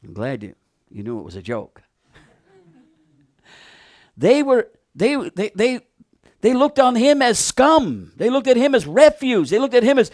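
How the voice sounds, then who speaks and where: A man preaching a sermon, retelling a Bible story with animated, fervent emphasis. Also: very high-pitched, measured pace, long pauses, no echo, studio quality.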